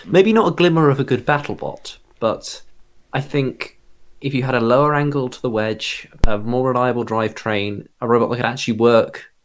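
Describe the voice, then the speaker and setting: A man hosting a casual group chat, talking in a thoughtful way with lots of fillers and hedges. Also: on the low side. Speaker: podcast host.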